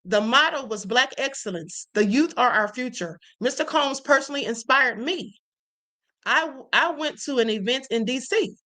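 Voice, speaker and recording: Female live-stream host, high bright voice, emphatic, speaks directly to her chat. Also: lively intonation, normal speed.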